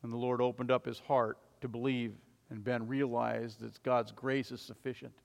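A male preacher telling a sermon illustration, swelling loud and then dropping soft as he tells it. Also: mid-range voice, little pitch movement, moderate pace, creaky. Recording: long reverb of a large hall.

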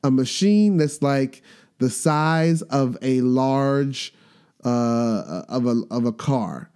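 A man in his thirties hosting a podcast, telling a story in a casual, animated way and acting out the quoted lines with sudden jumps in pitch. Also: slow, smooth. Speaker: podcast host. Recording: faint guitar music underneath.

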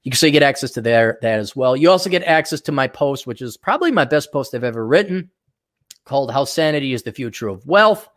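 A man's voice: medium pitch, animated, fast talker, fairly bright tone. A man hosting a solo podcast, ranting in a profane, sarcastic way and mocking people he disagrees with. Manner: mock voices for people he ridicules. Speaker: podcast host.

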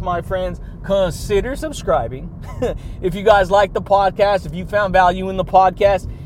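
Man, high voice, hyped motivational podcaster; punchy catchphrases, laughs a lot, faint background noise. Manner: hyped and playful, laughs often between lines; punchy catchphrases and rhetorical questions. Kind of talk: energetic motivational monologue.

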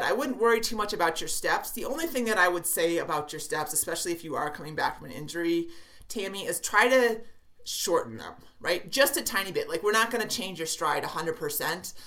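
A woman with a slightly low voice talks through running advice in a loose, chatty way. She restarts her sentences often and fills gaps with "um" and "you know." The talk is casual back-and-forth between co-hosts. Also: a bit bright. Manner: chatty, many fillers and restarts. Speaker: running podcast co-host.

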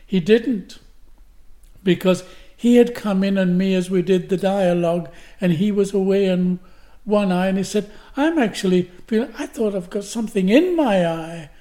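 A man's voice: sits high, dark tone. An older man from Glasgow, a guest actor telling stories and acting out the lines he quotes. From Glasgow, Scotland. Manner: vivid storyteller who acts out the quotes. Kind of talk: anecdotal storytelling.

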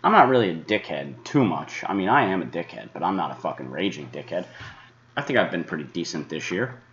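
A very deep-voiced man rants furiously on his weather podcast, cursing freely and mockingly mimicking his critics. The recording sounds dull and lo-fi, as if the high end has been shaved off. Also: big pitch swings, fairly quick, a bit bright. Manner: angry, swearing, mocking imitations of critics. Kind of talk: profane ranting monologue.

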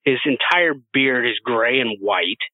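A man's voice: medium pitch, lively intonation, unhurried, dry recording. A man co-hosting a podcast, telling a story in casual, profane chat with frequent laughter. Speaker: podcast co-host. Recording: dry, phone-like narrow sound.

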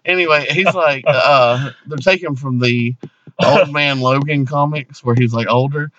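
A man's voice: mid-range voice, a little slow, a bit bright, dull audio, a little hiss or hum. A man co-hosting a casual comedy podcast, rambling with lots of fillers and laughing often. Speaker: podcast co-host.

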